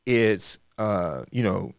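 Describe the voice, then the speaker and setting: A middle-aged man from Arkansas, telling stories in a casual, animated way and acting out bits of dialogue. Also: on the low side, slow, creaky, clear, resonant tone, dry recording, studio quality. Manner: folksy, animated, acts out dialogue with restarts. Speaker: podcast host and guest speaker. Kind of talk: casual storytelling conversation.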